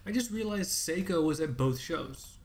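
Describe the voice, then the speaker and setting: A man from South Florida co-hosting a casual chat, joking and bantering in an animated way. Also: on the high side. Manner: animated joker, quick banter. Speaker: podcast co-host.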